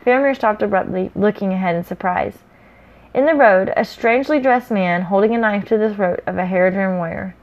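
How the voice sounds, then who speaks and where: A woman reading a story aloud in a relaxed way, with chatty asides between passages. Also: medium pitch, a little fast, dull audio. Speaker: story reader. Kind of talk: casual read-aloud of a story.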